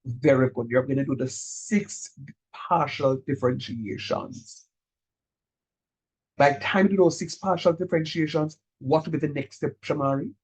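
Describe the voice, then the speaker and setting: A man teaching a calculus class, encouraging his students and repeating key steps slowly so they follow. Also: on the high side, husky, rough recording. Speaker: calculus lecturer. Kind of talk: online math lecture.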